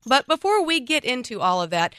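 A woman's voice: sits high, very animated, brisk, a bit bright, clean tone, no echo, clean studio sound. A woman hosting a radio talk show, chatting in a self-mocking, joking way while congested from a cold. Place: radio studio.

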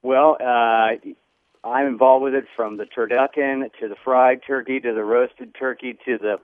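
A man with a Southern US accent, a chef guest on a radio show, talking in a halting way with many fillers, heard over a phone. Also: mid-range voice, steady tone, no echo. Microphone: telephone. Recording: tinny phone line.

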